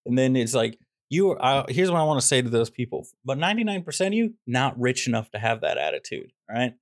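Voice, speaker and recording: A man's voice: mid-range voice, very animated, fast talker, no room sound, clean studio sound. A man co-hosting a movie podcast, rambling through a jokey, ranting casual review. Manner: rambling, jokey, drifts into mock rants. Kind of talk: casual comedic review chat.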